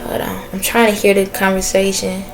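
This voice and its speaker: A woman's voice: medium pitch, flat delivery, noisy background. Rambling woman in a casual spiritual vlog. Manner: rambling, pausing to listen, chatty with viewers. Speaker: spiritual reader.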